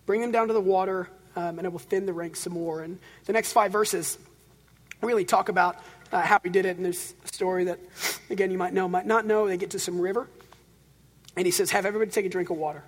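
A man preaching a sermon, telling stories with animated swings between loud, driven passages and hushed, quiet ones. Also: high-pitched, fast talker. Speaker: pastor. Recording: long reverb of a large hall.

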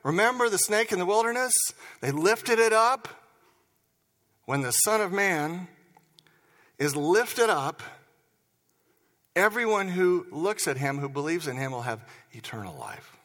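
A male pastor voicing a patient, gently challenging male teacher, speaking earnestly with emphatic contrasts. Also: high voice, animated, a little slow, long pauses. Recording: reverberant hall.

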